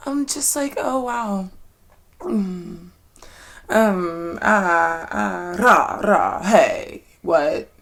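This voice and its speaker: A woman's voice: lowish voice, expressive, very slow, fairly bright tone. Rambling, candid young woman talking to herself. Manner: rambling and candid, swearing often, with frequent "like" fillers and sudden laughs; drops to a near-whisper when reflective. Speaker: vlogger. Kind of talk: casual solo monologue.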